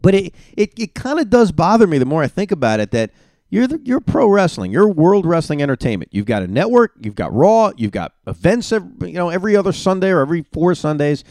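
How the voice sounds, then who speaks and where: A man's voice: high-pitched, quick pace, dry recording, studio quality. A man hosting his own solo podcast, giving opinionated and emphatic reactions in a ranting way. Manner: animated, emphatic. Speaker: podcast host.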